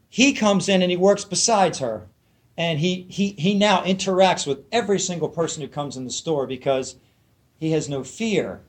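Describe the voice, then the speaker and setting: A man telling a teaching story to a small group, asking them questions and acting out what his characters say. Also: a little high. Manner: storytelling, asks the listeners questions, acts out quotes. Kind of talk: spoken dharma talk to a small group.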